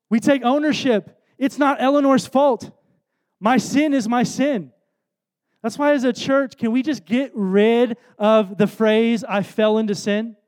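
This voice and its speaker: A man's voice: extremely high pitch, steady tone, unhurried, a little mellow. A man in his thirties preaching a sermon in an earnest, conversational way, with self-deprecating asides.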